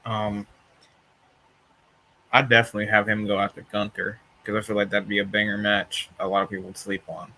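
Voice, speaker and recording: A man's voice: lowish voice, completely flat delivery, brisk, bright, forceful tone, rough recording. A young man in casual chat, rambling and tired, yawning between thoughts, with many fillers and restarts. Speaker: vlogger reviewing wrestling shows.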